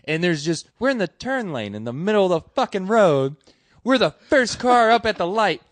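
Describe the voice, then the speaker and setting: A man's voice: high-pitched, very animated, moderate pace, no echo. A man telling a rambling, profane story as a comedian guest in a casual podcast chat.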